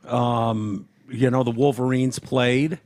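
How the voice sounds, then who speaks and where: A tired man co-hosting a podcast in loose, profane casual chat. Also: takes it slowly. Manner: loose, profane, talks sports with animated swings in pitch. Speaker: podcast co-host.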